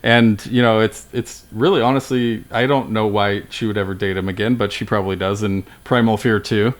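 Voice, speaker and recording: A man's voice: fairly low pitch, steady tone, fairly quick, a little hiss or hum. A man co-hosting a film podcast, talking casually and rambling with fillers and self-corrections.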